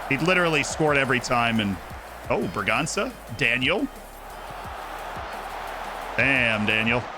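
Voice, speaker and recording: A young man streaming himself playing a football management game, muttering asides and then shouting with delight when his team scores. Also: mid-range voice, unhurried, music in the background, a crowd in the background. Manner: excitable, swings from mumbled asides to shouting at goals. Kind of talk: live gameplay commentary.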